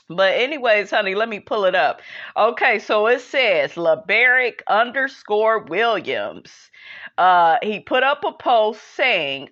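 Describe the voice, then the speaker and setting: A woman's voice: medium pitch, animated, measured pace, fairly bright tone, muffled recording. A woman in a casual gossip chat who reads out viewer comments and keeps calling her listeners honey and child.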